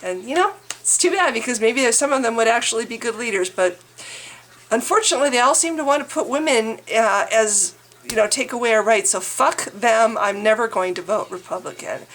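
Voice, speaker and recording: A woman's voice: fairly high pitch, animated, fairly quick, fairly bright tone. A woman vlogger delivering an angry, exasperated political rant, swearing and stumbling over restarts.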